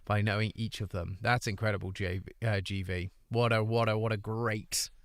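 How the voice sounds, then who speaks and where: A man's voice: on the low side, fairly even intonation, normal speed, no echo, clean studio sound. A British man hosting a charity livestream, chatting casually and upbeat while reading out and greeting his viewers. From Britain. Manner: upbeat, reads chat aloud and greets viewers. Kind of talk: casual live-stream chat. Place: home streaming room.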